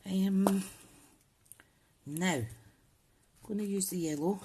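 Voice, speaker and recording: A papercraft channel host speaks slowly in a medium-pitched voice over background noise. She leads a casual crafting tutorial, chatting and thinking aloud with frequent ums.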